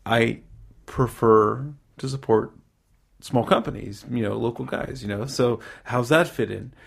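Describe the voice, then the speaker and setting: Gravelly-voiced man chatting. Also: medium pitch, fairly even intonation, a little slow. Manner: rambling, self-correcting, laughs easily. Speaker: podcast host. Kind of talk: casual chat.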